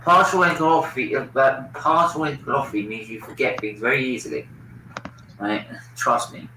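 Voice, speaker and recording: A man's voice: medium pitch, fairly even intonation, a little fast, sharp tone, reverberant, distant mic, a little hiss or hum, poor audio. A man hosting a football watchalong stream, opinionated and swearing freely in casual chat.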